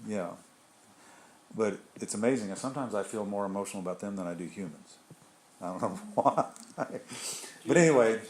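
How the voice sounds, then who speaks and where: A man's voice: on the low side, moderate pace, long pauses, a little hiss or hum. A man giving an informal spiritual talk to a group, rambling and conversational with frequent restarts and asides. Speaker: group leader.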